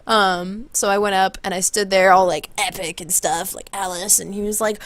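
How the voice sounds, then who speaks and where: A young woman telling a story in a casual vlog, excited and rambling, often backtracking to fix the order of events. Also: mid-range voice, moderate pace, no echo. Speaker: vlogger.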